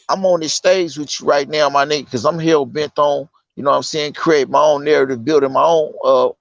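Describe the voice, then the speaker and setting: A man's voice: mid-range voice, gravelly, no room sound. An incarcerated man from California talking casually with earnest insistence, heavy with street slang and fillers. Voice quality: loose street slang, fillers like "you know what I'm saying". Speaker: incarcerated guest. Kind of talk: casual conversation. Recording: dull lo-fi sound.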